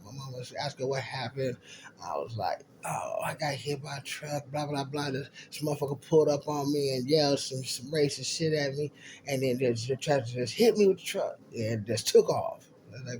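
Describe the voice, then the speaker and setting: A man casually telling a profane, animated story from his childhood, acting out the voices of the people in it. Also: medium pitch, fairly quick, slight background noise.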